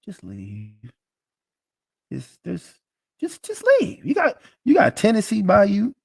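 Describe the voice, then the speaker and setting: A man's voice: sits high, wildly swooping pitch, slow pace, creaky, a little mellow, breathy edge. A man teaching a live class in a casual, emphatic, joking way, with frequent restarts.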